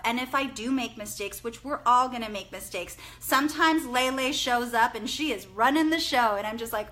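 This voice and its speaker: A bubbly woman coaching on a live stream, reading out viewer comments and laughing often. Her voice sits a little high and sounds very bright. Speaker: life coach.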